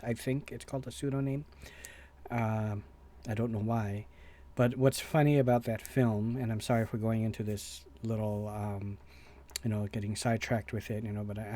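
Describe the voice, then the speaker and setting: A man's voice: mid-range voice, darkish tone. A man hosting a reaction video, talking casually in a rambling, hesitant way with many fillers and restarts.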